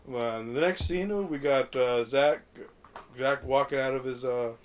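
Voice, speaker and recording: A man's voice: mid-range voice, a little slow, a little hiss or hum. A man casually recapping a film on a podcast, rambling with fillers and swearing freely. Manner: rambling, many fillers, acts out quotes. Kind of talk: casual profane podcast chat.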